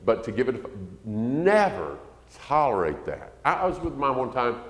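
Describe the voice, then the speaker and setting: A man preaching a sermon on parenting in a folksy way, acting out quoted parents in a shrill voice. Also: very animated, normal speed. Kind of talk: sermon lesson to a congregation. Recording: echoey church hall.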